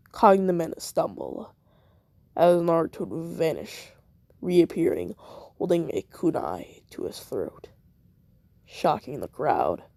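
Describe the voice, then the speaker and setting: With a slightly high, warm voice touched by vocal fry and no echo, a man improvises a fan fiction story. He rambles and hesitates, correcting himself along the way and hopping between different character voices.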